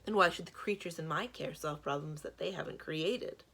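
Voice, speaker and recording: A woman voicing a stern, commanding female guardian of a magic realm in a read-aloud storybook, speaking in a measured, lecturing way. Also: deep voice, fairly bright tone, slightly rough, full character voice.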